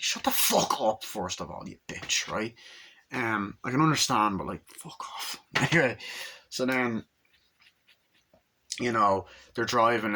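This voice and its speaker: A man's voice: lowish voice, pushed and bright. A young man reviewing a movie in casual, rambling chat, swearing freely and acting out quotes from the scenes.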